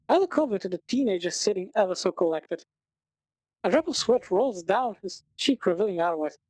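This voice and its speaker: A woman streamer reading a visual novel aloud at a fast clip, breaking off for sarcastic, profane commentary. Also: medium pitch, expressive, a little mellow, dry recording. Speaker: let's play streamer.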